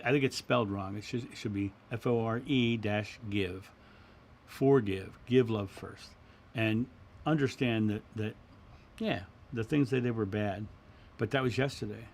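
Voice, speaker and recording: A middle-aged man hosting a spiritual livestream, talking in a gentle, reflective way as he answers viewers. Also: fairly low pitch, gravelly, slight background noise. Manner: gentle, reflective, repeats words and restarts. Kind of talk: casual spiritual talk.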